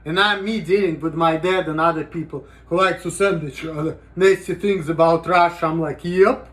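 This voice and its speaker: A man's voice: a little high, steady tone, moderate pace, a bit bright. A man talking casually in a rambling, profane vlog monologue, with "you know" in almost every sentence. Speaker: vlogger.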